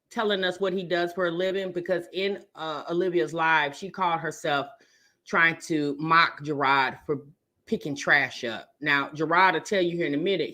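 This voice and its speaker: A woman's voice: low voice, pushed and bright. A woman hosting a reaction channel, chatting to viewers and calling them y'all and baby. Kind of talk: casual commentary to viewers.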